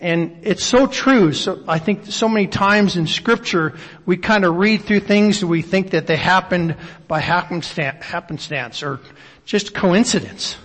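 Male pastor, high voice, reflective sermon delivery, reverberant hall. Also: a bit bright. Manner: reflective, asks rhetorical questions; reads scripture aloud at length. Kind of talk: sermon with scripture reading.

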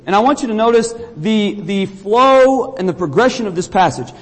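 A man's voice: high voice, expressive, normal speed, in a large hall. A man from Kentucky, preaching an earnest sermon in a church and often repeating words for emphasis. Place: church sanctuary.

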